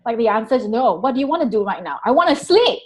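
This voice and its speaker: A woman guest telling a personal story in a candid, animated way, acting out her own inner voice and swearing freely. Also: fairly high pitch, very fast, rough recording.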